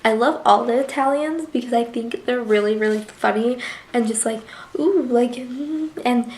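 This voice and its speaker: A woman's voice: a little high, normal speed, a little mellow, a little hiss or hum. Chatty young woman in an echoey room. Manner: gushing, chatty, full of "like" fillers. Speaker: book reviewer. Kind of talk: casual book review vlog.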